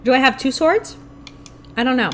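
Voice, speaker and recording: A young woman streaming a video game live, talking to herself and her chat in an animated, playfully grumbling way. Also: high-pitched, moderate pace, a little hiss or hum. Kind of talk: live gameplay commentary.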